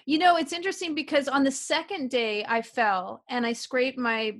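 Upbeat, fairly high-voiced Canadian woman. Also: normal speed. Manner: upbeat, animated storytelling with repeated affirmations. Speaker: guest, author and publisher. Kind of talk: casual interview chat.

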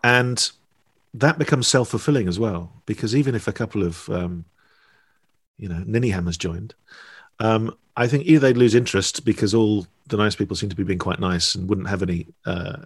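A man's voice: on the low side, normal speed, slightly rough, no echo, studio quality. A man telling stories in a rambling, playful podcast chat. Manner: rambling, chatty storyteller with fillers and playful asides. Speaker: podcast guest. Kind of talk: casual conversation.

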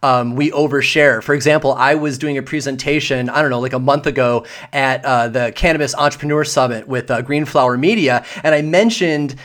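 A man hosting a podcast interview, chatting in a relaxed way with fillers. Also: medium pitch, a little fast, few pauses. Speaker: podcast host. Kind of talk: conversational interview.

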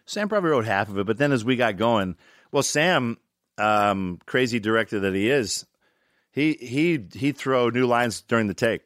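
A man's voice: medium pitch, moderate pace, no echo, studio quality. An older man telling stories in casual conversation, swearing freely and acting out other people's lines. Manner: animated, acts out other people's lines in shouts and mimicry. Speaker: podcast guest, actor. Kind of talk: casual storytelling.

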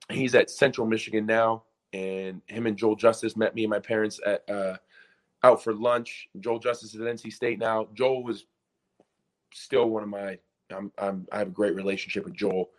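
A man in his twenties with a lowish voice, a former college basketball player appearing as a podcast guest, tells a story casually and animatedly, filled with "like" and restarts.

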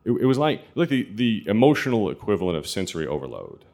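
A man telling a true personal story in an earnest, confessional way, with halting restarts. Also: fairly low pitch, very animated, darkish tone.

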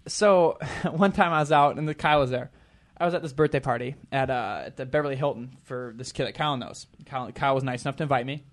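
A man's voice: mid-range voice, quick pace. A man telling a casual, self-deprecating story on a talk show, with many restarts and acted-out quotes.

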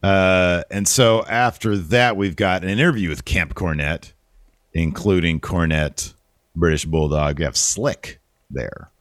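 A man co-hosting a casual wrestling review podcast, animated and profane, with quick asides. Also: deep voice, no room sound, clean studio sound. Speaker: podcast co-host.

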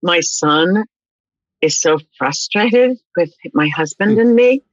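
Older woman with a lively, wry voice. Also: lowish voice, takes it slowly, dry recording, muffled recording. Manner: wry, dry humor. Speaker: guest. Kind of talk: casual interview chat.

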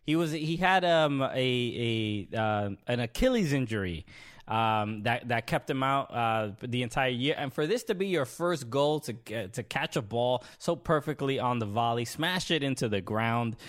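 Halting man recapping soccer games. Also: medium pitch, expressive, fairly bright tone. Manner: halting, many fillers and restarts, earnest. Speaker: podcast host. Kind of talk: casual sports recap.

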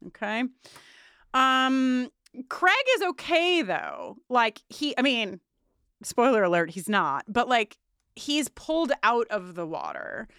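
A woman co-hosting a podcast in casual chat, animated and profane, often breaking into laughter. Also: fairly high pitch, slow pace, clean tone, no room sound, clean studio sound. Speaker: podcast co-host.

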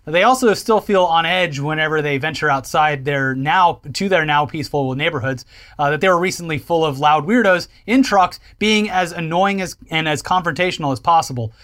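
High-voiced wry male co-host. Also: fairly quick, a bit bright. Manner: wry, hesitant, full of fillers. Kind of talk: comedic news chat.

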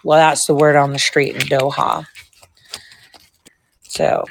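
A woman's voice: deep voice, level tone, takes it slowly, vocal fry, background noise. A woman hosting a livestream, chatting casually and rambling between stories, swearing freely. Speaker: livestream host. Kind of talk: casual chat with a co-host.

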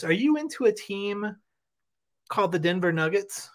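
A man with a slightly high, lively voice spins a sponsor read into a comic story. He talks in a playful, exaggerated way, swinging his delivery up and down as he goes. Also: normal speed, pauses often. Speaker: podcast co-host.

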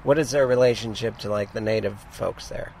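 A man's voice: lowish voice, brisk, a little mellow, a little hiss or hum. Rambling, easygoing man from Montana. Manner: rambling, self-interrupting storyteller. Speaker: podcast co-host. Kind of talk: casual chat.

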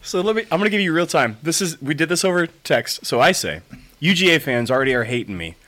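A man's voice: a little high, expressive, fast, pushed and bright. A man co-hosting a sports podcast in casual chat, teasing his co-hosts and reading text messages aloud for effect. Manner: playful, teasing, reads texts aloud dramatically. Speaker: podcast co-host.

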